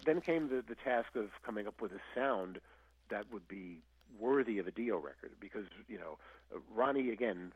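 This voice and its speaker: A man's voice: lowish voice, breathy edge, no echo. An older man, a guest musician, telling stories in a casual interview, acting out quoted lines with many restarts. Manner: animated storyteller, acts out quotes, frequent restarts. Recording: dull lo-fi audio.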